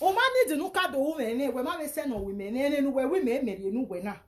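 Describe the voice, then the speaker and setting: High-pitched, scolding Nigerian woman. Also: expressive, quick pace, darkish tone. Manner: scolding, insulting, repeats herself. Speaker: vlogger. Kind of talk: angry social media rant.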